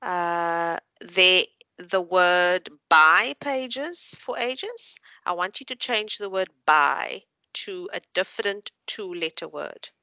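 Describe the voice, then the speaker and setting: Slow, gravelly-voiced woman tutor. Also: lowish voice, expressive, bright, forceful tone, no echo, rough recording. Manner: encouraging, patient, explains slowly. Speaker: university tutor. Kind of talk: online tutorial feedback.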